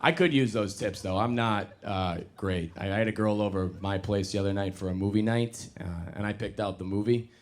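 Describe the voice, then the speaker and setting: A man's voice: lowish voice, fairly quick. Young man, stand-up comic, casual self-deprecating delivery, handheld stage mic, faint noise behind. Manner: casual, self-deprecating, animated crowd work. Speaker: stand-up comedian. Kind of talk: stand-up comedy set.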